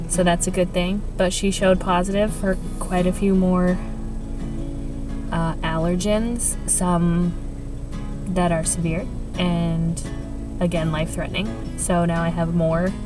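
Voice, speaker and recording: A woman giving a casual vlog update as a mother, talking softly and haltingly with many pauses, recorded on a handheld phone in a hospital room. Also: lowish voice, far from the mic, rough recording. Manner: soft, hesitant, with many pauses and fillers.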